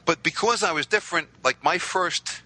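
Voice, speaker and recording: A man, telling stories as a podcast guest with lively voiced quotes. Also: high voice, moderate pace, poor audio. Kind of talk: casual storytelling.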